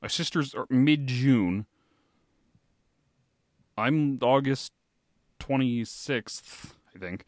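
A man's voice: medium pitch, drawn-out words, long pauses, no room sound, studio quality. A man in his thirties co-hosting a casual podcast, telling self-mocking stories full of swearing. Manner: lively, self-mocking, profane. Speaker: podcast co-host.

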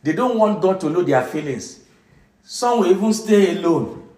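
A middle-aged man, preaching an emotional sermon with dramatic swings from loud emphasis to hushed, quiet lines. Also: sits high, expressive, moderate pace, distant mic. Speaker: pastor. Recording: echoey room with music behind.

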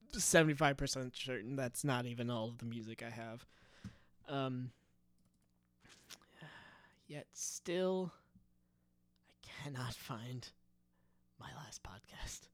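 A man's voice: mid-range voice, a little slow, long pauses, fairly bright tone, dry recording. A man rambling through a casual solo podcast at his home computer desk, wandering off on tangents, interrupting himself and giggling at his own stories. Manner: meandering, self-interrupting, giggly. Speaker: podcast host. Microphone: studio microphone.

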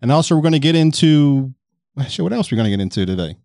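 A man's voice: fairly high pitch, animated, fast talker, darkish tone, no room sound, clean studio sound. A man hosting a podcast in casual banter, loose and laughing easily, swearing freely. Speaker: podcast host.

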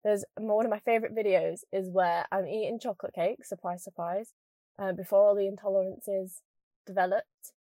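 Young woman, mild northern English accent, podcast host, fast rambling, dry recording. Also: medium pitch, fairly even intonation, warm tone, no room sound. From northern England. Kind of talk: casual chatty monologue.

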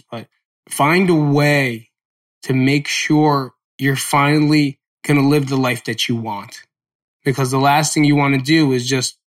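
A man's voice: medium pitch, a bit bright. A man in his forties from New Jersey hosting a solo podcast, talking candidly and rambling, with frequent swearing. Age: 40s. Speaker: podcast host.

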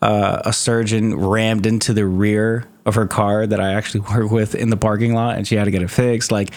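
A man's voice: lowish voice, little pitch movement, moderate pace. A young man telling rambling, profane stories and laughing often as a podcast co-host in casual chat. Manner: profane, rambling storyteller who laughs a lot.

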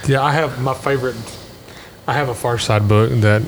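A man's voice: mid-range voice, moderate pace, slight background noise. A man co-hosting a podcast in laid-back casual chat, often saying "dude". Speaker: podcast co-host.

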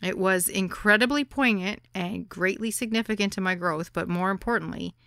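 A woman narrating her own memoir as an audiobook, wry and deadpan. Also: mid-range voice, moderate pace, vocal fry, no echo, studio quality.

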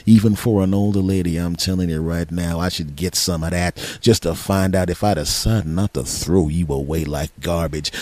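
Guy doing a sleazy smug creep, low taunting drawl, dry sound. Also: a little mellow, no room sound. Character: sleazy boastful man gloating over the phone.

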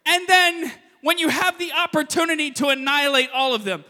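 A male pastor with a very high, bright, forceful voice delivers a lively sermon. He swings from loud, punchy emphasis to hushed quick asides. The sound carries a long church-hall reverb. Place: church sanctuary.

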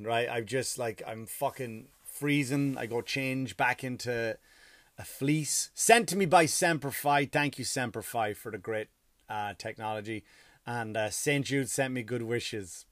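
A man's voice: medium pitch, measured pace, fairly bright tone, no room sound, clean studio sound. A tired man, a comedian, telling a story in a casual, profane, ranting monologue.

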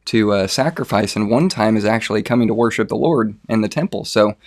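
A man with a somewhat low voice lays out a theological argument in plain, conversational talk. He speaks earnestly, pausing on fillers and restarting phrases as he reasons aloud. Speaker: theology debater.

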